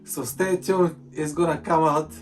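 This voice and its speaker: A man's voice: fairly high pitch, steady tone, a little slow. A man chatting casually as a vlogger about being a partner, joking and repeating his words. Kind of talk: casual chat. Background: soft guitar music.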